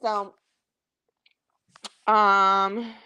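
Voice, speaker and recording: Woman, casual livestream gossip host, slow, rambling, swears freely, close dry phone audio. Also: mid-range voice, little pitch movement, pushed and bright, clean tone, no room sound, lo-fi sound. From Kentucky.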